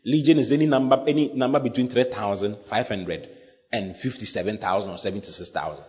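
A man preaching a sermon in an animated, repetitive way, often asking his listeners questions. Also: lowish voice, fairly quick, big-room sound, highs cut off.

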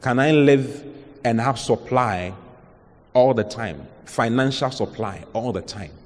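Ghanaian pastor preaching in a reverberant hall. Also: male voice, medium pitch, takes it slowly, a little mellow. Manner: emphatic preaching with rhetorical questions. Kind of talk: sermon.

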